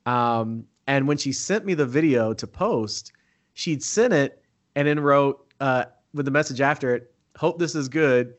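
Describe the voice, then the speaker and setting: A man chatting casually as host, telling an excitable story and acting out what people said. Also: mid-range voice, a little slow. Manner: excitable storyteller, acts out quoted talk. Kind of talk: casual chat.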